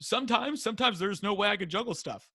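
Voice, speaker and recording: An American man, a high school teacher, telling classroom stories in a casual interview and acting out the kids' voices. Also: quick pace, husky, dry recording. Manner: animated storyteller, acts out kids chanting. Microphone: wearing a mic.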